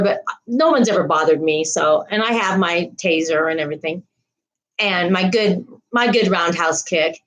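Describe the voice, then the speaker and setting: A woman's voice: medium pitch, rough recording. A woman hosting a casual livestream, rambling through a story and greeting viewers' comments. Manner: frequent laughs and restarts. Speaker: livestream host.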